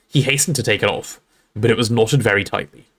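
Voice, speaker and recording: A man reading a novel aloud on a livestream in an expressive, storytelling way, with casual asides to his audience. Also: fairly low pitch, fairly quick, breathy edge.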